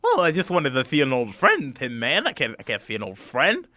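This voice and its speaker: A man's voice: mid-range voice, huge pitch swings, brisk, sharp tone, dry recording. A man voicing a friendly, persuasive male Scarecrow King in a tabletop game. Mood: pleading.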